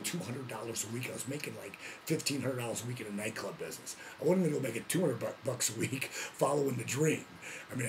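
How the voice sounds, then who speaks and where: A gravelly-voiced man spins a yarn for his vlog in an easy, animated way, slipping into slang and laughing as he goes. His pitch sits right in the middle of a man's range, and there is a faint room ambience underneath. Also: background noise. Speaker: vlog host, former wrestler. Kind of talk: casual storytelling.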